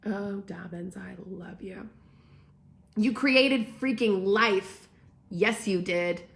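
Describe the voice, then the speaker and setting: A woman's voice: medium pitch, takes it slowly, gravelly. A young woman hosting a live talk, speaking with passion and emphasis and often asking "right?". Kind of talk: live-streamed casual talk, reading comments.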